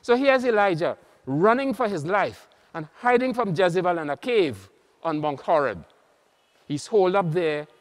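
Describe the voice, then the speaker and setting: A man with a Trinidadian accent, a priest preaching an earnest, measured sermon with many pauses. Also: sits high, animated. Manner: earnest, measured, pausing often. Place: large church. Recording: long church reverb.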